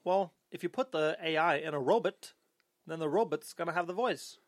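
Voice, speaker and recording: A man's voice: fairly high pitch, normal speed, dry recording, clean studio sound. A man hosting a podcast, chatting casually in a playful, teasing way. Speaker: podcast host.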